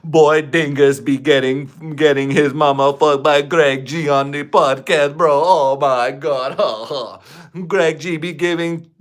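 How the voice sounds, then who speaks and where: A man's voice: on the high side, steady tone, takes it slowly, pitched above the performer's own voice. A man voicing a goofy, rambling man with a put-on Jamaican accent, babbling singsong nonsense words.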